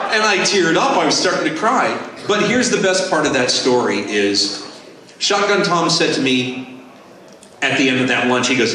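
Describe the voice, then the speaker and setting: A man in his sixties from Southern California, a voice actor telling lively stories at a convention Q&A panel on a handheld mic. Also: medium pitch, moderate pace. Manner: lively, animated storyteller. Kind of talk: convention Q&A storytelling. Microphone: handheld microphone. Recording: echoey hall, voice from far off.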